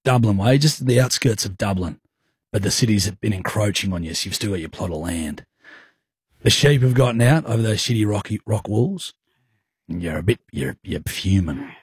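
A man's voice: on the low side, expressive, moderate pace, husky, no echo. A young man hosting a radio show, teasing his co-host in casual banter and laughing often.

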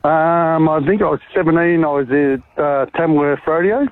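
A man's voice: a little high, steady tone, moderate pace, no room sound. An Australian man calling in to a radio show, telling his story in a laconic, matter-of-fact way. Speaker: caller. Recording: tinny phone line.

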